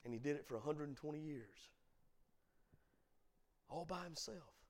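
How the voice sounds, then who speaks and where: Pastor guy preaching at bible study, bit high voice, lilt, goes quiet then really loud. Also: moderate pace. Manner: swings from hushed asides to loud emphatic preaching. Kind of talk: sermon.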